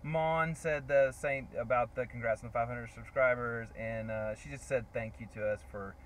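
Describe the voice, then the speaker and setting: A man co-hosting a livestream, reading out viewer comments in a relaxed way with fillers. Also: mid-range voice, normal speed, a little hiss or hum. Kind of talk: casual livestream chat.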